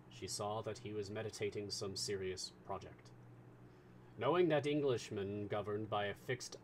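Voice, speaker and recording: A man reading a classic novel aloud as a storyteller, with measured, expressive narration. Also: lowish voice, slight background noise.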